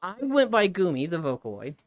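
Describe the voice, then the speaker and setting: Woman streamer, low register, loose and unfiltered, swears casually, desk mic. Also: big pitch swings, fairly quick, faint music behind. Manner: rambling and candid, swears freely. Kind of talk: casual live-stream chat. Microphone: desk microphone.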